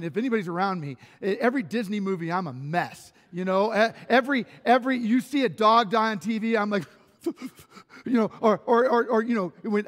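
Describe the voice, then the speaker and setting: High-voiced pastor in a reverberant church hall. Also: male voice. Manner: animated personal storytelling with restarts. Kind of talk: conversational sermon. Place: church sanctuary.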